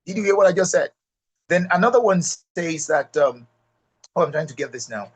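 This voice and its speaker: A man's voice: on the high side, lively intonation, moderate pace, slightly rough. A middle-aged man with a Nigerian accent gives an emphatic motivational talk at a leadership retreat, repeating key lines and speaking straight to the audience.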